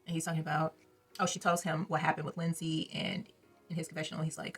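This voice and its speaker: A woman's voice: low voice, flat delivery, quick pace, a bit bright, slightly rough. Sassy, blunt woman ranting over faint music. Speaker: reality TV reviewer. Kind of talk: casual commentary vlog.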